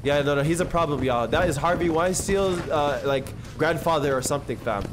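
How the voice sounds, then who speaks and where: A man's voice: on the high side, a little fast, music in the background. A young man streaming a video game, giving hyped, joking commentary full of slang, swearing and trash talk. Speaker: gaming streamer. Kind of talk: casual let's-play commentary.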